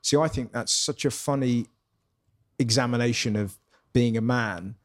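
A man's voice: medium pitch, normal speed. Chatty man musing in a pub. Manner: reflective, loose, chatty, trailing phrases. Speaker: comedian guest. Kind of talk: casual chat.

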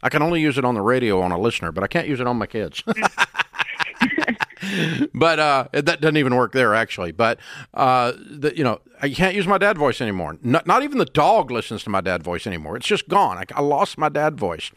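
An older man giving call-in advice on a radio show, blunt and emphatic with a folksy way of putting things. His voice sits at an ordinary pitch and is recorded dry and close. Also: sing-song, quick pace, a bit bright, no echo.

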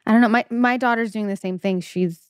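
A woman's voice: a little high, steady tone, fairly quick, clean tone, dry recording. Woman co-host, bubbly and giggly, dry studio mic. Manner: bubbly, laughing often. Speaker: podcast co-host. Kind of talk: casual podcast chat.

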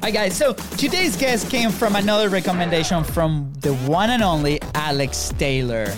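A man co-hosting a podcast in an upbeat, chatty way, laughing often. His voice sits high. Faint music plays underneath. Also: animated, normal speed. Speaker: podcast co-host. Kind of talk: casual podcast chat.

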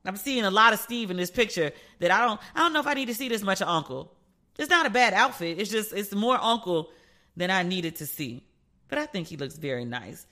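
A woman hosting her own podcast, talking in a loose, playful way and slipping into the voices of the people in her stories. Her tone is bright and forward, with a middling pitch. Her speech carries features. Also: a little fast. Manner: chatty, playful storytelling with animated quoted voices. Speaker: podcast host. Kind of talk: casual solo podcast commentary.

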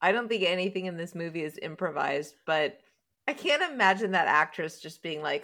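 Woman, podcast co-host, lower voice, wry. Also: lively intonation, a little fast, a bit bright. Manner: dry, wry. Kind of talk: casual chat.

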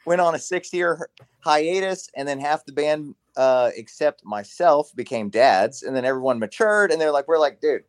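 A musician guest from Charleston, South Carolina, rambles easily through a casual interview in a light Southern accent. His voice is on the high side and expressive at a normal speed, and his manner is laid-back, full of fillers.

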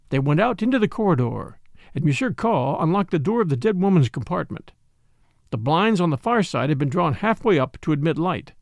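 Gravelly-voiced male storyteller. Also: on the high side, sing-song, brisk, no room sound, studio quality. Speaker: audiobook narrator. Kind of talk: scripted narration.

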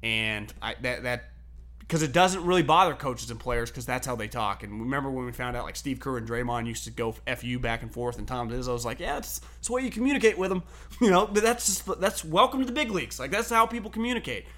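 A man hosting a sports talk show, telling stories in a loose, profane, animated way and laughing often. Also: mid-range voice, quick pace.

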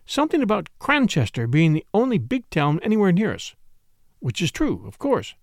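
A bossy, opinionated middle-aged gossip who lectures everyone at the table, as a male reader puts her on. Her voice sits high and swoops widely in pitch. The reading is close and dry. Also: huge pitch swings, normal speed, dry recording, heavily acted. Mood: eager. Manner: insistent, lecturing.

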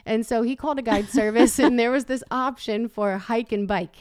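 A woman's voice: on the high side, moderate pace, darkish tone, smooth, dry recording, clean studio sound. A woman in her thirties telling a long story in casual chat, rambling with many "like"s and frequent laughs.

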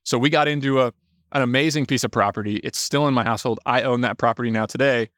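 A young adult man, a podcast guest, telling animated stories in casual talk, swearing freely and acting out quotes. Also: mid-range voice, fast talker, no room sound, studio quality. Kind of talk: casual storytelling.

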